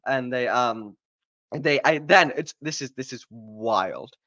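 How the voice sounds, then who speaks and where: A man's voice: mid-range voice, slow, bright, forceful tone, dry recording. A man ranting in a sarcastic, exasperated and profane way while reviewing a show. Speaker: video reviewer.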